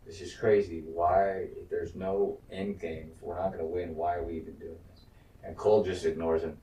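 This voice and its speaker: A man's voice: sits low, little pitch movement, normal speed, warm tone, roomy sound, distant mic, a little hiss or hum, poor audio. A man co-hosting a podcast, casually recapping a TV episode, swearing, laughing and acting out quotes. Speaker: podcast co-host.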